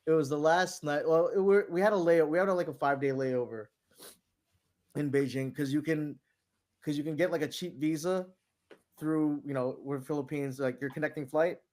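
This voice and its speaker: A man's voice: on the high side, fairly even intonation, moderate pace, darkish tone. A man from New York telling a long, rambling travel story in casual chat, swearing and laughing as he goes. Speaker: guest.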